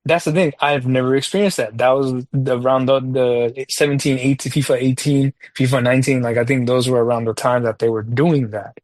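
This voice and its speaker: A man talking as a podcast guest in a casual chat, rambling through a story with lots of fillers and getting animated over his frustrations. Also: medium pitch, a little fast, few pauses, dry recording. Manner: animated when recalling frustrations.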